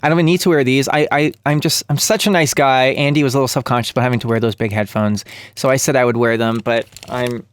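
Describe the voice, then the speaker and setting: A man's voice: medium pitch, fairly even intonation, fast, few pauses, clean tone. A man from Canada co-hosting a casual music interview show, upbeat and jokey. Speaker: co-host.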